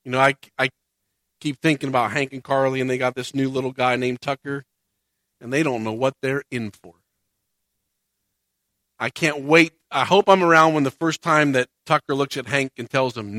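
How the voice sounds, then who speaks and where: A man's voice: a little high, expressive, normal speed, bright, forceful tone, no room sound, studio quality. A man preaching a sermon in a conversational way, rising to emphatic points and acting out the quoted voices of churchgoers. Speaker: pastor.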